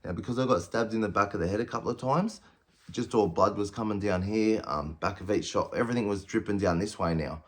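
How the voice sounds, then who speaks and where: A man's voice: on the low side, a little fast. A man in his thirties with an Australian accent, telling a prison story bluntly, swearing constantly and acting out what people said. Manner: blunt, heavy swearing, quotes himself and others in raised voices. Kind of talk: casual storytelling.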